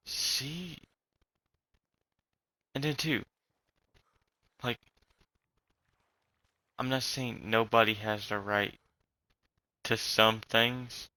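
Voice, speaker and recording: A man's voice: mid-range voice, extremely slow, long pauses, sharp tone, rough recording. A young man with a slight Southern accent, ranting in a rambling, profane way while he plays a game. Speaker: vlogger. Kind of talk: rambling casual rant.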